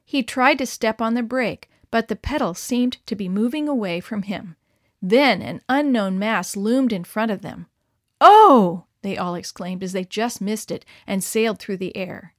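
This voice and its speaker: A woman narrating a story in a clear, expressive read-aloud manner. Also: medium pitch, moderate pace, no room sound, studio quality. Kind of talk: scripted narration.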